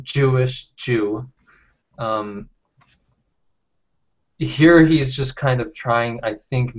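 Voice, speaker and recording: A man leading a casual online book discussion, talking haltingly with many fillers and restarts. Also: mid-range voice. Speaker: discussion leader. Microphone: webcam or computer mic on a video call. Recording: lo-fi video call audio.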